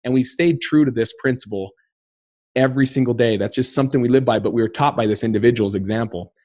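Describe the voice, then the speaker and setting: Man, podcast guest, earnest storytelling, animated, medium pitch. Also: fast talker, no echo. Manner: earnest and animated, acting out quotes. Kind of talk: personal storytelling.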